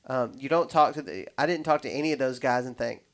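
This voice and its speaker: A man's voice: mid-range voice, quick pace. Rambling man hosting a podcast. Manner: rambling, animated storytelling with many restarts and quoted dialogue. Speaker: podcast host. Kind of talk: casual podcast chat.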